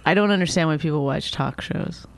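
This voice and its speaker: A woman co-hosting a podcast talks fairly quickly in a low, gravelly voice. She rambles and complains in casual chat, swearing freely.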